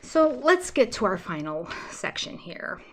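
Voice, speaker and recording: Older lady doing a casual livestream review, gossipy and fed up, middle pitch, little mocking whispers. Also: big pitch swings, unhurried, a little hiss or hum. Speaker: reality TV reviewer.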